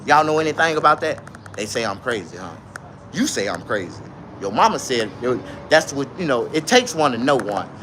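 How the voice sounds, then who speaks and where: Man, AAVE, livestream rant, lively swooping pitch, noise behind. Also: normal speed. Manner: loud animated ranting with profanity, then calmer asides. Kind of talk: ranting live commentary.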